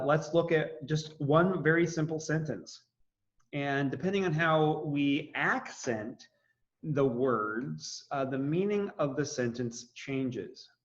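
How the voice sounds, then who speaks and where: A man lectures a classroom in a loose, casual way. He thinks out loud and stumbles into restarts. His voice sits mid-range and the recording sounds slightly dull. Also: mid-range voice. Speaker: teacher.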